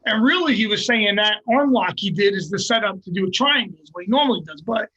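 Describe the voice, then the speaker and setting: A jiu-jitsu coach and guest, a man telling animated, profane stories in casual podcast chat. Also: high voice, quick pace, breathy edge, dull audio.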